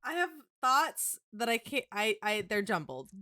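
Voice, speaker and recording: A woman's voice: medium pitch, big pitch swings, a little slow, sharp tone, dry recording, clean studio sound. A woman co-hosting a podcast in casual chat, curious and asking hesitant questions.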